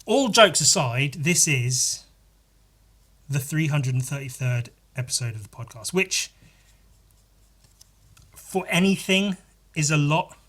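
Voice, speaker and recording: A man's voice: on the high side, lively intonation, slow, pauses often, fairly bright tone. A man hosting his own podcast in a casual solo monologue, rambling and self-deprecating and swearing now and then. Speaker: podcast host.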